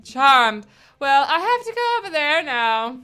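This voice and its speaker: A woman's voice: sits high, sing-song, a little slow, pushed and bright, pitched above the performer's own voice, exaggerated voice. A woman putting on a tipsy suburban wife. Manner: slurred drunk voice.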